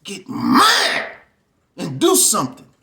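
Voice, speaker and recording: A man's voice: sits high, wildly swooping pitch, slow, creaky, pushed and bright. A man giving an impassioned, preachy political and religious monologue, driving each point home. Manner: fiery and preachy, keeps calling out "man".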